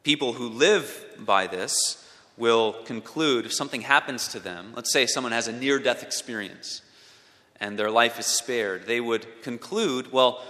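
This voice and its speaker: Bright-voiced man preaching in a hall. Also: mid-range voice, measured pace. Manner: rhetorical questions, repeats words while thinking. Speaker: pastor. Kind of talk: sermon. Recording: long hall reverb.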